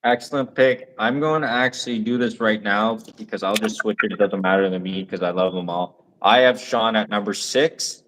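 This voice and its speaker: A man's voice: on the low side, moderate pace, hardly any pauses, noisy background. A young man co-hosting a podcast in casual chat, talking eagerly with lots of fillers. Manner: enthusiastic, rambling with fillers. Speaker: podcast co-host.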